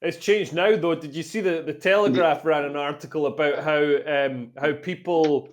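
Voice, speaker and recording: Man, high voice, sweary podcast co-host, casual chat. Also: steady tone, normal speed. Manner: sweary, argumentative, restarts a lot.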